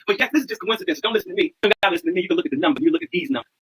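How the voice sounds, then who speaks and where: Man, livestream host, high voice, husky, preachy, repeats himself. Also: lively intonation, racing, low-quality recording. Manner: preachy, repeats lines, asks listeners if they understand. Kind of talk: numerology livestream monologue.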